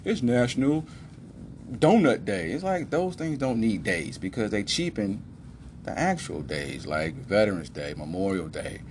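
Brief: podcast host, man, low voice, emphatic casual storyteller, faint hiss behind. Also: normal speed. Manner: animated, slangy, emphatic.

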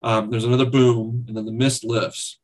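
Man, game master, husky voice, casual fillered narration, mid pitch. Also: little pitch movement, normal speed.

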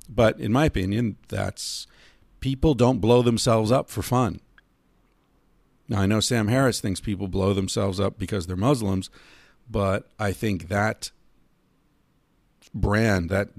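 A man hosting a solo podcast, ranting profanely, dropping low and calm and then rising loud and high. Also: vocal fry, no room sound, studio quality. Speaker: podcast host.

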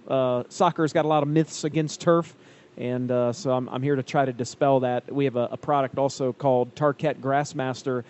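Friendly man guest, slightly high voice. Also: darkish tone. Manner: friendly, brisk pitch-style talk. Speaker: podcast guest, sponsor representative. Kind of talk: casual podcast guest chat.

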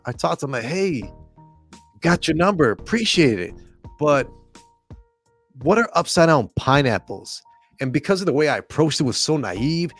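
A young man in a relaxed podcast chat tells a story, acting out the other people's lines and laughing along the way. His voice moves around a lot in pitch, and a faint music bed plays behind him. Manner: animated, acts out quoted voices, laughs often. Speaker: podcast storyteller, former club DJ.

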